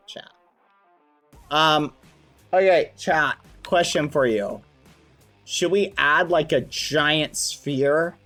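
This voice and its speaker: An excitable man streams a game and talks straight to his chat, swapping swear words for clean ones. He speaks in an unhurried way, easing off between his eager outbursts. Faint game music plays behind him. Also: fairly high pitch. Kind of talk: live-streamed gameplay chat.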